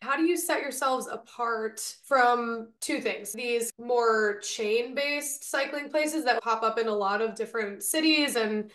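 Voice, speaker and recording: Bright-voiced young woman host, echoey. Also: a little high, a little slow, hardly any pauses. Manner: friendly, chatty, uses "like" often. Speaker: podcast host. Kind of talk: casual interview questions.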